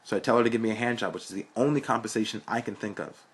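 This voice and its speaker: A man's voice: on the low side, rapid-fire, husky. A young man reading a story aloud in a frank, blunt, profane way. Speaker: narrator.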